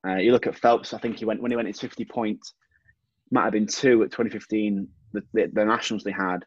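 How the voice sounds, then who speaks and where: A man's voice: fairly low pitch, fast talker, husky, muffled recording. A young English man, a swimmer being interviewed, talking casually and easily with lots of "you know". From England. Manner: relaxed, chatty, frequent "you know". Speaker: swimmer, guest.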